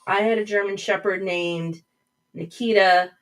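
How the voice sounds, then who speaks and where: A woman's voice: mid-range voice, fairly even intonation, a little slow, recorded from a distance, poor audio. A woman hosting a live stream, chatting casually and reading viewer comments aloud. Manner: chatty, reads chat comments aloud, rambling restarts. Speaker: livestream host. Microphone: webcam mic, a little back from screen.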